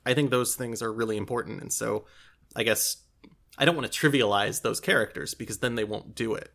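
A man's voice: medium pitch, a little fast, vocal fry, fairly bright tone. A man talking casually as a podcast guest and game designer, self-deprecating and often restarting his sentences with a laugh. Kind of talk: casual interview chat.

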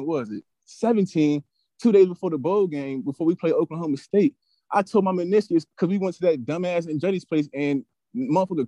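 A young man in his twenties tells a story in an animated, profane style, and he gets heated as he goes. His voice is dark and mellow. The podcast mic is dry and close. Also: on the high side, no room sound. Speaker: podcast guest, former college football player. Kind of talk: casual storytelling.

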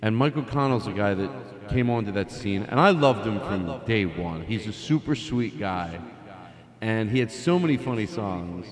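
A man's voice: lowish voice, animated, normal speed. Man telling a story in an echoey room. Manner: chatty, trails off with fillers. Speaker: comedy podcast host. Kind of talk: casual storytelling. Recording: roomy with long reverb.

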